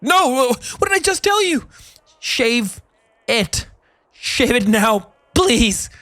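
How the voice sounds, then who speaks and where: A man's voice: mid-range voice, takes it slowly, dry recording, voice pushed up. A man voicing a weary, terrified man in his thirties who pleads frantically. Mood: desperate.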